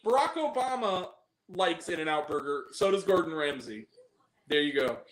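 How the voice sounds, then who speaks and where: A man hosting a casual stream, joking loudly and swearing between giggles. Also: on the high side, expressive, moderate pace, roomy sound, low-quality recording. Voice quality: crude, loud, giggly banter. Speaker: host. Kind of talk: casual profane chat.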